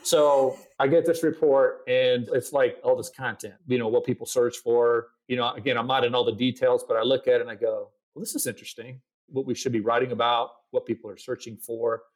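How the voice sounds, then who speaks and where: A middle-aged man, speaking as a podcast guest in a relaxed, conversational way. He tells his story with energy and acts out his own quoted lines along the way. His voice sits in the middle range. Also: medium pitch, a little fast, hardly any pauses. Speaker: podcast guest, agency founder. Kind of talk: casual storytelling interview.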